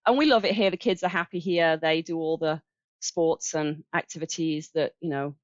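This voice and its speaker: A woman's voice: low-pitched, fairly even intonation, moderate pace, no room sound. Brummie english woman on a podcast, chatty and friendly, kinda dull dry sound. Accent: Birmingham English. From England. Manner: chatty, friendly, explains in steps with fillers. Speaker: charity director guest. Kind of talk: casual podcast interview.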